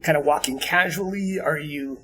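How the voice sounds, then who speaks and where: A man narrating a tabletop game as game master, easygoing and halting, with many fillers and restarts. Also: on the high side, sharp tone, breathy edge, poor audio.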